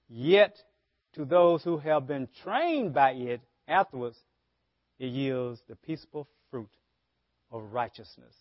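A man's voice: fairly high pitch, no echo. A man preaching a sermon as pastor, often asking the congregation rhetorical questions. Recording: dull lo-fi sermon audio.

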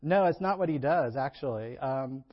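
A man's voice: medium pitch, moderate pace, muffled recording. A man preaching a sermon in a conversational way, acting out Bible characters and laughing between points. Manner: conversational, acts out Bible characters with lively shifts.

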